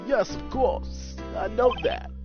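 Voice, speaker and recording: A streamer voicing a pompous older male lawyer who blusters formally and keeps clearing his throat. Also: mid-range voice, slow pace, pitched above the performer's own voice, lightly acted. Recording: dull lo-fi stream audio. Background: loud game music.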